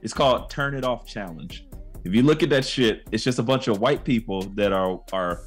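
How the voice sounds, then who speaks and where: A man co-hosting a casual podcast chat, talking animatedly and slipping into high mocking voices. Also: expressive, moderate pace, soft background music. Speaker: podcast co-host.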